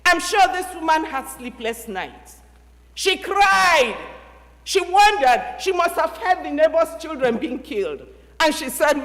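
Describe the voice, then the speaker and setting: A woman from Nigeria, preaching a sermon, telling a Bible story and acting out its dialogue with big shifts in loudness. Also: high voice, lively intonation, a little slow, big-room sound.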